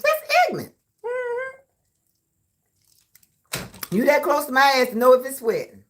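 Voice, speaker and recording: A woman hosting a livestream, reading viewer comments aloud and trash-talking back with loud laughter. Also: high voice, huge pitch swings, a little slow, a little hiss or hum. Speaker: livestream host reading chat. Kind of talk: casual livestream chat.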